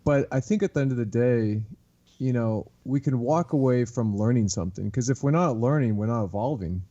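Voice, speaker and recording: Mellow-voiced enthusiastic podcast host man. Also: mid-range voice, a little fast, muffled recording. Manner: warm-hearted, enthusiastic, laughs often. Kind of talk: casual podcast chat.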